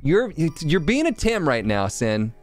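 A man streaming a video game live, making jokes, thanking viewers and reacting loudly to the game. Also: fairly high pitch, a little slow, faint music behind. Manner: jokey, animated, chatting with viewers. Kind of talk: casual live game commentary.

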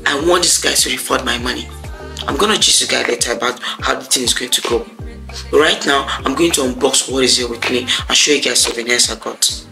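A woman's voice: rumbling low, a little fast, vocal fry, bright, forceful tone, faint music behind, low-quality recording. Irritated Nigerian woman ranting. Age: young adult. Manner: irritated, ranting, repeats herself. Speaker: vlogger, medical graduate. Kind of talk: casual vlog rant. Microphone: camera mic.

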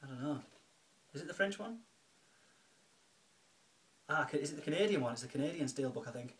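A man's voice: a little high, animated, a little fast. A man chatting casually in a home vlog, thanking a friend and filling his talk with ums and restarts. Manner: chatty and grateful, lots of fillers and restarts. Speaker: video blogger, film collector.

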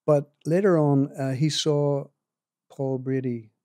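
An older man with a Northern Irish accent recounts stories in a modest, unhurried way, chuckling now and then. His voice is warm and mellow, and the recording is dry and close with no room sound around it. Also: a little high, steady tone, no echo. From Northern Ireland. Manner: modest, chuckling, rambling anecdotes with restarts. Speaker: guitar maker, podcast guest. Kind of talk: casual storytelling interview.

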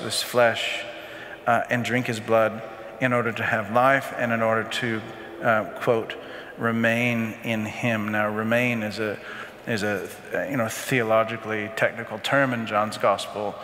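A man's voice: lowish voice, little pitch movement, unhurried, sharp tone, slight background noise. A man teaching an adult faith class in a church hall, earnest, stumbling over repeated words and often checking in with "right?". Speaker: parish teacher. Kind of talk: adult faith formation talk.

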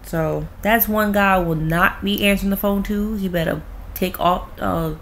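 A woman's voice: mid-range voice, fairly even intonation, moderate pace, fairly bright tone, a little hiss or hum. A young woman at home, ranting bluntly and profanely in a casual vlog. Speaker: vlogger. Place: at home with her cat.

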